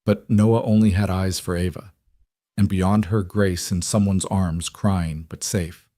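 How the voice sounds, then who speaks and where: A man narrating a dramatic story in a steady, scripted storytelling manner. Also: low voice, unhurried, dry recording, studio quality.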